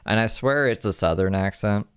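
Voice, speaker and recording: Deep-voiced sarcastic male commentator. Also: moderate pace, clean tone, no room sound, clean studio sound. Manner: sarcastic and profane. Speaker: reaction commentator. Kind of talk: casual reaction commentary.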